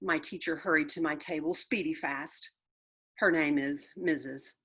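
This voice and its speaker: A woman reading a children's book aloud with playful, expressive storytelling. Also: low voice, a little slow, breathy edge. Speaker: storybook reader.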